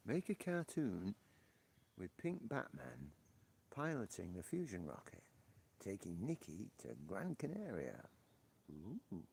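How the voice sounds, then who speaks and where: A man from Britain, hosting a casual livestream chat, laughing often and swearing in excitable outbursts. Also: deep voice, takes it slowly, vocal fry, pauses often, breathy edge. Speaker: livestream host. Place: porch, outdoors.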